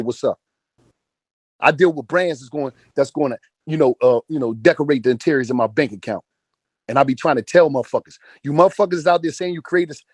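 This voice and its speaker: Man in his forties, rapid and raised, preaching hustle with relentless profanity. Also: fairly high pitch, no room sound, clean studio sound. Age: 40s. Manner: profane, emphatic, repeats phrases for emphasis. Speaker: speaker in an online audio chat room. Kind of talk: motivational rant.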